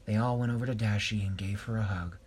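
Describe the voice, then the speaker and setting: A man telling an improvised story, hesitant, pausing and correcting himself. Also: fairly low pitch, fairly even intonation, darkish tone, slight background noise.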